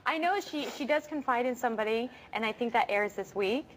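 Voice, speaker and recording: A woman's voice: fairly high pitch, brisk, poor audio. A woman in her thirties, an actress being interviewed, chatting casually and laughing often. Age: 30s. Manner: giggly, chatty with fillers. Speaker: actress guest.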